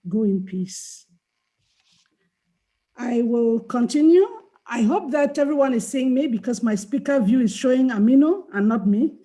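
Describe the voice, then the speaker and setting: A middle-aged woman from Cameroon, speaking on a video call and reading her poetry in a slow, deliberate way. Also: sits high, dark tone. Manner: slow, deliberate recital with chanted dirge passages. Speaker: invited poet.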